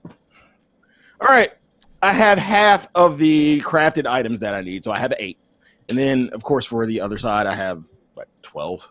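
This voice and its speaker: A man's voice: medium pitch, animated, a little slow, fairly bright tone, dry recording. A man cohosting a casual gaming podcast, defensive and exasperated, swearing as he laughs things off.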